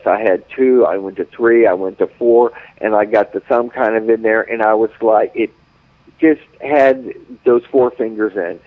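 A man's voice: lowish voice, phone-quality sound. A man telling blunt, graphic stories on a radio talk show. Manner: blunt, graphic, unashamed storytelling.

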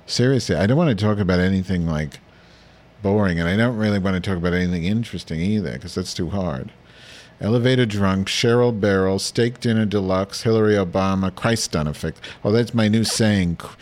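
A man hosting a comedy podcast, telling a crude, meandering story in a deadpan, filler-heavy monologue. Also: low-pitched. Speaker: podcast host.

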